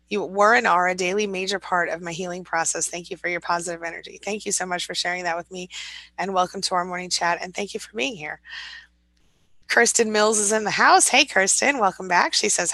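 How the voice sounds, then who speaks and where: A woman's voice: mid-range voice, bright, forceful tone, no echo, low-quality recording. A woman in her forties hosting a casual morning live chat, reading viewer comments aloud and laughing often.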